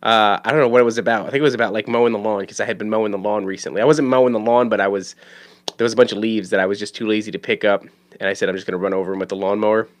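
Racing along in a lowish voice with fairly even intonation, a man talks about his son. It's a loose, rambling monologue packed with swearing, restarts, and stammered words.

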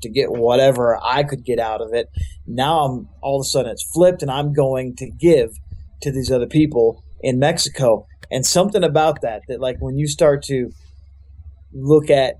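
A man's voice: medium pitch, darkish tone. A young man, a youth pastor, telling his life story in a loose, rambling way with lots of fillers. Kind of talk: casual storytelling testimony.

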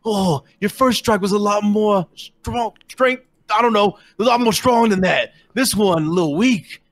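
A boastful, foul-mouthed male brawler, put on by a game master. He taunts his rival in a raised, strained voice. He snarls his curses with tabletop roleplay bravado. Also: measured pace. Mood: taunting. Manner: taunting, swearing, mostly raised pitch. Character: brawling male tough in a slap contest, boastful and cursing.

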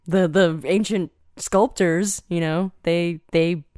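A woman's voice: on the low side, steady tone, takes it slowly, a little mellow, smooth, dry recording, studio quality. A woman co-hosting a podcast, chatting casually with wry, teasing wordplay. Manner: wry, teasing, plays with words. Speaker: podcast co-host. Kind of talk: casual comedic chat.

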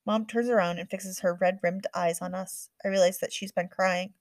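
A woman narrating a first-person audiobook in a quick, earnest storytelling manner. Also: medium pitch, steady tone, no room sound.

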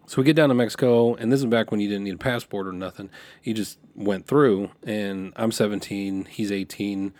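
With a lowish voice at normal speed and no echo, a middle-aged podcast host recounts a story from his youth in a casual, rambling way. He self-corrects and restarts sentences as he goes, becoming animated when quoting.

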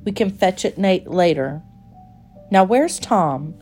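A woman's voice: lowish voice, expressive, slow pace, a little mellow, faint music behind. A woman voicing an eager, bossy little girl kitten in a storybook reading. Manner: eager, chirpy.

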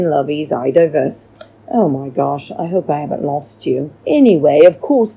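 A woman with a low, husky voice hosts a casual recap chat from home. She rambles and keeps calling her listeners darlings, and her tone is dark and mellow, recorded on a cheap microphone. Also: low-quality recording. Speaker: podcast host. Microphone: cheap free microphone.

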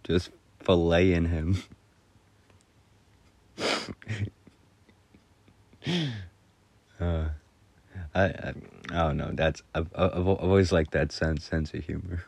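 A man's voice: sits low, very slow, vocal fry, pauses often, darkish tone, dry recording. A middle-aged man casually telling stories, laughing often and rambling with crude humor. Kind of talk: casual storytelling monologue.

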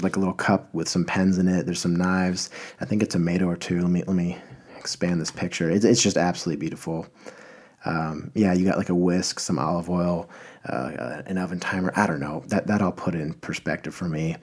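A man's voice: low-pitched, a little mellow, slightly rough. A man hosting a podcast, talking in a rambling, enthusiastic way with lots of fillers and restarts. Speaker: podcast host. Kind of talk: casual podcast monologue.

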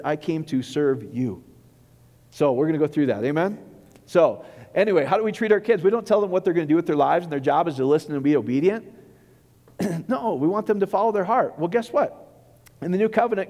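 Animated male pastor in an echoey hall. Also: a little high. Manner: conversational, animated, acts out quoted voices. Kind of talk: sermon. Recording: echoey hall with long reverb.

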